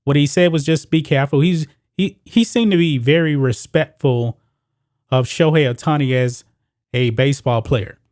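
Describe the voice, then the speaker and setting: A man's voice: fairly high pitch, normal speed, a little mellow, no room sound, clean studio sound. A man hosting his own sports commentary video, talking straight to viewers and reading news quotes aloud.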